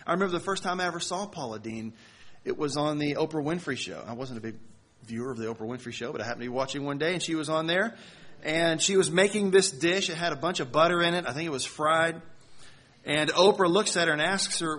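A man delivering a sermon to a congregation, telling a story in a conversational way with slow, emphatic phrasing. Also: on the high side, fairly bright tone. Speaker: pastor.

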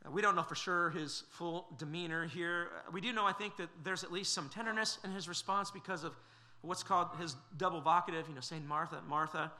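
Male preacher, sermon, very bright tone, slightly high pitch, earnest, questioning. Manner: earnest, questioning, with frequent fillers and restarts.

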